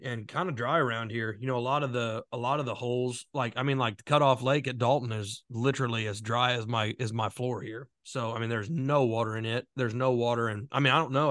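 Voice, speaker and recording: A man co-hosting a casual podcast chat, telling hunting stories with quick bursts of laughter. His voice sits at an ordinary middle pitch. The sound is dry and close, with no room around it. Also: a bit bright, no echo. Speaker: podcast co-host.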